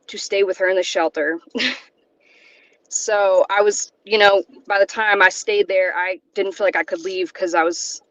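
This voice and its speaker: A woman's voice: mid-range voice, steady tone, a bit bright, no echo. Shaky woman on a lo-fi call. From South Carolina. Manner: halting, with nervous laughs. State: shaky, close to tears. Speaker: guest. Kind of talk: emotional personal testimony. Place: in her car.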